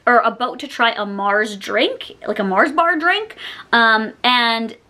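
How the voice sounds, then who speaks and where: Chatty girl vlogger, kinda high bright voice, says like a lot. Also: slow pace. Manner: chatty, heavy use of "like" fillers. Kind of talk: storytime vlog.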